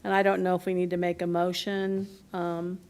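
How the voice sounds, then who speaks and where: Commissioner, woman, low and monotone, halting speech at a board meeting. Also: clean tone. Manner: halting, repeats herself, opinionated. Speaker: county commissioner. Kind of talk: board discussion. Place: county commission meeting room.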